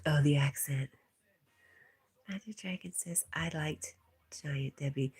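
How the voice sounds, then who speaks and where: Livestream host, woman, deep breathy voice, relaxed chat with viewers. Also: unhurried. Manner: reads viewer comments aloud, often softly whispered.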